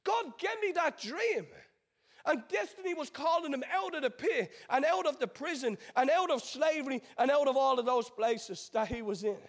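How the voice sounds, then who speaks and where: A man's voice: very high-pitched, fairly quick, hardly any pauses. A man preaching a sermon as pastor, building his points with rhetorical questions and repetition, and acting out the voices of the people in his story. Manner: acts out quoted voices of biblical figures.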